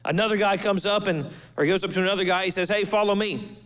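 A male pastor preaching a sermon to his church, with emphatic pauses and changes of pace. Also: sits high, steady tone, a bit bright.

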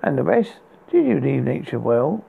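A man's voice: mid-range voice, very animated, moderate pace, gravelly, slightly rough. A man hosting a podcast, reading poems aloud and often stumbling and restarting words. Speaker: podcast host. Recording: tinny phone-like sound with faint hiss.

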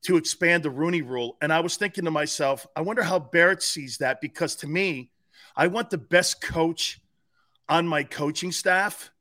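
A man's voice: a little high, normal speed. A middle-aged man co-hosting a sports talk show, telling stories in a loose, profane way and often breaking into laughter. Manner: profane, laughing, animated retelling. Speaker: sports radio co-host. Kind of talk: casual storytelling chat.

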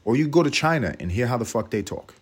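A man's voice: medium pitch, animated, fast talker, slightly rough. A man, from Harlem, hosting a podcast with a brash, profane, rambling comic monologue. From Harlem, New York. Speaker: podcast host. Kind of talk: comedic monologue.

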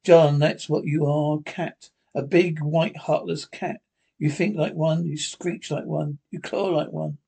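A man's voice: on the high side, fairly even intonation, a little slow, gravelly, mellow, slightly rough, heavily acted. A man playing a frantic young husband who grows hysterical and pleading in a 1930s radio drama. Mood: accusing. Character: frantic young husband losing his nerve.

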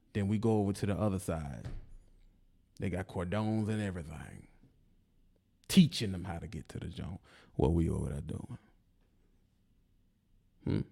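A man's voice: low-pitched, vocal fry, a little mellow. A man, delivering a confrontational, preachy monologue aimed at a rival, taunting and repeating his points. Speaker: online commentator.

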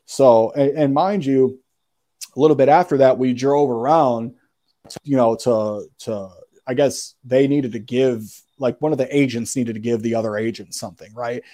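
A man's voice: medium pitch, moderate pace, dark tone. A man telling a story as a guest in a casual, slangy, profane way, calling people "bro.". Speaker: podcast guest.

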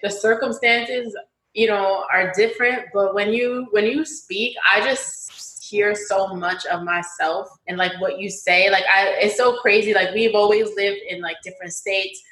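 Woman host of a faith chat, bright tense voice, lots of room echo. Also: medium pitch, steady tone, unhurried. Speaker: podcast host. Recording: echoey room.

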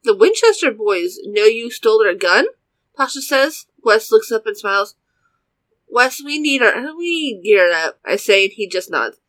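A woman reading a first-person story aloud in a plain, even delivery. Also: a little high, a little slow, no echo, poor audio.

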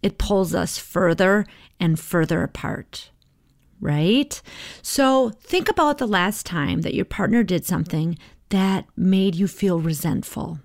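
A woman's voice: on the low side, takes it slowly, a little mellow, dry recording, studio quality. Reflective middle-aged woman coach talking. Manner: conversational, reflective, tags with "right?". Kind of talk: podcast monologue.

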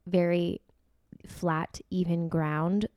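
A woman co-hosting a casual podcast, earnest and emphatic as she gives advice. Her voice sits a little low for a woman. The sound is close and dry. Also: little pitch movement, very slow, a little mellow, dry recording. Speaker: podcast co-host.

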